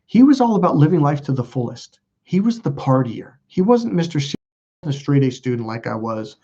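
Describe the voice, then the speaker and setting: A man's voice: a little high, big pitch swings, fairly quick, mellow, breathy edge, dull audio. A man telling a personal story as a self-help video host, rambling and cutting himself off mid-sentence. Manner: rambling, self-interrupting, casual with profanity.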